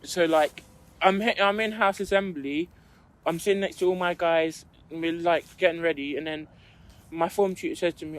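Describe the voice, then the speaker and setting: A man's voice: on the high side, normal speed, fairly bright tone. A young man, co-hosting a casual podcast and telling a school story, acting out what people said. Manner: storytelling, acts out quotes in his stories. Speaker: podcast co-host. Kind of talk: casual chat.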